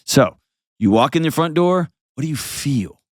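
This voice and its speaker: A man's voice: fairly high pitch, lively intonation, moderate pace, dry recording, studio quality. A man hosting an advice call-in show, talking bluntly and painting vivid scenes as he coaches a caller. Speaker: host.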